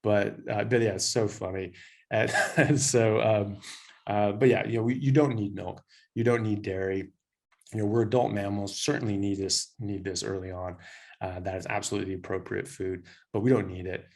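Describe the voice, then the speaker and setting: Low, easygoing man from Southern California, a doctor telling stories with restarts. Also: fairly even intonation, normal speed, vocal fry. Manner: storytelling, laughing, frequent restarts. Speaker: doctor, guest. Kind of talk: casual interview chat.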